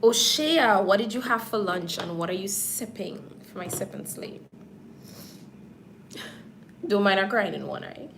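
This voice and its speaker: A woman's voice: medium pitch, animated, measured pace, gravelly, pauses often, a bit bright, slight background noise. A makeup artist chatting casually with her viewers on a livestream while she applies false lashes. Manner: chatty, talks straight to viewers.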